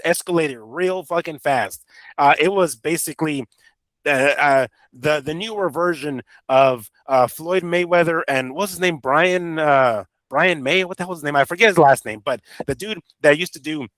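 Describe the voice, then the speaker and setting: A man hosting a boxing podcast who rambles through the story, swearing casually and drifting off track. His voice sits a little high for a man. The sound is dry and close. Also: normal speed, fairly bright tone, dry recording. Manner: rambling, loose, profane storytelling. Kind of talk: casual chat.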